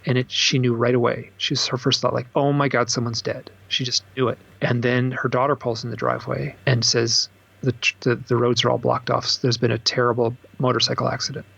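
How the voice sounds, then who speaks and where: A man with a gravelly, husky voice tells stories in an interview, and his pitch jumps up when he acts out what people said. The recording sounds dull and slightly lo-fi. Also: brisk. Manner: animated storyteller, acts out quotes with bursts of high pitch. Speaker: author and guest. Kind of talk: storytelling in a podcast interview.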